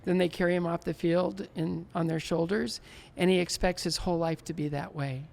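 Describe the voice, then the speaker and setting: A man's voice: high-pitched, fairly even intonation, moderate pace, gravelly, darkish tone. A man in his sixties, a former Olympic skater being interviewed, telling stories animatedly, laughing often and acting out dialogue. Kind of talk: casual interview storytelling.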